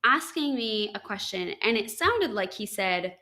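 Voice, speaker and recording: A woman's voice: medium pitch, big pitch swings, unhurried, sharp tone. A young woman hosting a podcast, telling a story in casual chat, full of "like" and acted-out dialogue. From United States. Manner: chatty, full of "like", acts out quoted dialogue. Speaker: podcast host.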